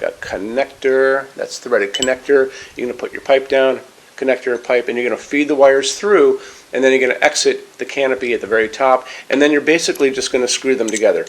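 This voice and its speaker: A man's voice: medium pitch, a little hiss or hum, poor audio. Chatty man explaining a light fixture. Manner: chatty, explanatory, step-by-step instructions. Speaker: lighting showroom product presenter. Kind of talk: casual product walkthrough. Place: lighting showroom, indoors.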